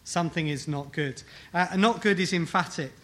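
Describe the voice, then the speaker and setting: A pastor delivers a sermon a little fast to his congregation in a church hall. His voice is bright, forceful and set a bit high, and he hammers key phrases through repetition while often asking the listeners rhetorical questions.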